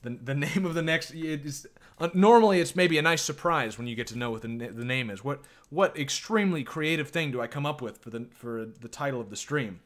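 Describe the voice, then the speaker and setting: A man's voice: mid-range voice, a little fast, a bit bright. An American man streaming a game, chatting casually and laughing as he comments. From United States. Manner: laughs often, reads game dialogue aloud, loose and joking.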